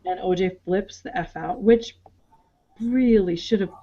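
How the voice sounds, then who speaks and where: A woman co-host talks through a show episode in easy, animated chat, jumping into little acted-out quotes as she goes. Her voice sits at a middling pitch, and it arrives over a slightly muffled, lo-fi video call line. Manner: animated, acts out characters' lines in quick asides. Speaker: podcast co-host. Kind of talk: casual chat recap.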